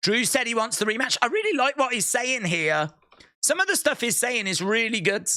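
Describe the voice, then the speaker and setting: A speaker giving excitable live reaction commentary on a wrestling show, breaking into shouts and laughs. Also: medium pitch, moderate pace. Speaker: wrestling watch-along streamer.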